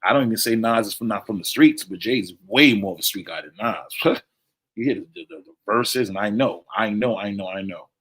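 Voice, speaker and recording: A man with a lowish voice runs a casual livestream Q&A, chatting loosely and calling out viewers by name. He repeats himself and drifts on and off his desk mic. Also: brisk, a bit bright, breathy edge. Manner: loose, repetitive, talks straight to chat viewers by name. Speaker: livestream host answering chat questions. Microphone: desk microphone, sometimes leaning away from it.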